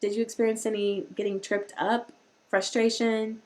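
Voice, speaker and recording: A woman's voice: a little high, little pitch movement, normal speed, a little mellow. Chatty, rambling woman host. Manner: chatty and rambling, with many restarts. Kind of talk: live-streamed parenting talk.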